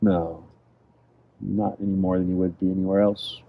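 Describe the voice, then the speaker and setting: Over phone-quality audio, a man from California speaks at a normal pace in a low, flat voice. He's the guest in a relaxed interview, and he tells his travel stories with reflection and enthusiasm.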